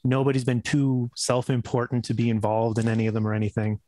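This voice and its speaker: A man who is a cast member on a gaming stream, speaking earnestly in casual chat, halting and restarting often. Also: mid-range voice, level tone, mellow.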